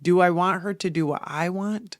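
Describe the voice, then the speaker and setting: A woman's voice: lowish voice, normal speed, no echo, studio quality. A woman in her forties hosting a podcast, talking in an earnest, confessional way straight to her listeners. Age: 40s. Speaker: podcast host. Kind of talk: casual podcast monologue.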